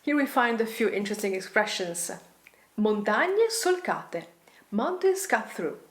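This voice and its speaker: A woman's voice: mid-range voice, sing-song, moderate pace. A woman teaching a language lesson, reading example phrases aloud and then translating and explaining them. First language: Italian.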